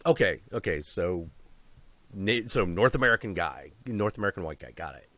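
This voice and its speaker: A man hosting a casual interview over a video call, an animated storyteller who swears freely. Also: sits low, moderate pace, crowd noise. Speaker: host.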